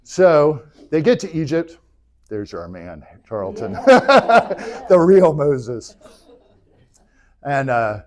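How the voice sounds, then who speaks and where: A man's voice: medium pitch, a little mellow. A man teaching an adult class in a church classroom, retelling a story casually and with humor. His mid-range voice is conversational, and he slips into voices as he goes. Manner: chatty and joking, acting out dialogue.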